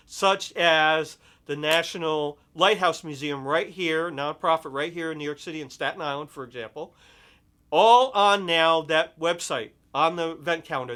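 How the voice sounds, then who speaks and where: A man's voice: fairly high pitch, pushed and bright. A middle-aged man hosting a show, chatting enthusiastically as he introduces a dedication and thanks friends and sponsors. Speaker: host and vocalist. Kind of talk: casual show talk with a sung dedication.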